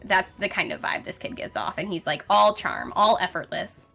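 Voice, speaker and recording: A woman narrates a fantasy tabletop game as game master in a loose, chatty way, full of fillers. Her voice sits in a middle pitch, and faint music plays behind her. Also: big pitch swings, moderate pace, creaky, bright, forceful tone. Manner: casual, rambling, with many fillers.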